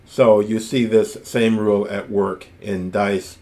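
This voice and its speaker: A man giving a recorded ancient Greek grammar lecture, reciting word forms slowly and deliberately, with enthusiastic asides. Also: lowish voice, fairly even intonation, darkish tone. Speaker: Greek teacher.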